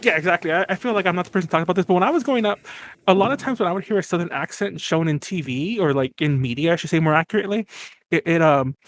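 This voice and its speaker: A man's voice: high-pitched, lively intonation, very fast. A man co-hosting a podcast in casual chat, rambling with many fillers and restarts and laughing often. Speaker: podcast co-host.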